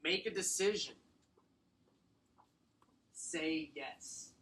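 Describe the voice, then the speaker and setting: A man giving a sales training talk to a small room, acting out client scripts and slowly stressing short commands. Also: a little high, pushed and bright, poor audio. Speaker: real estate sales trainer.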